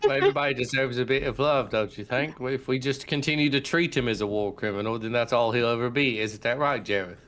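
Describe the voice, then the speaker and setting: A man's voice: medium pitch, fast talker, few pauses, fairly bright tone. Earnest, rambling male player. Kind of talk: in-character tabletop role-play.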